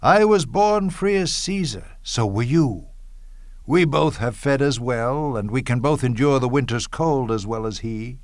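A bitter, scheming Roman nobleman, acted by a man in a Shakespearean verse drama. He speaks slowly and declaims each line, with sudden bursts of scorn. The voice sits in a middle register and is recorded close and dry. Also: medium pitch, no room sound, lightly acted. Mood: persuasive.

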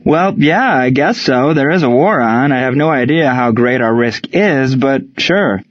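A man voicing a steady male wartime baseball coach who talks in a plain, measured, reassuring way. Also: mid-range voice, lightly acted. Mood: wry. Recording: slightly dull lo-fi recording.

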